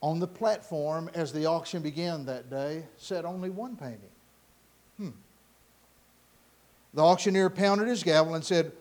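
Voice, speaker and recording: A man telling a story dramatically, swinging between loud passages and hushed ones. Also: on the high side, unhurried, pauses often.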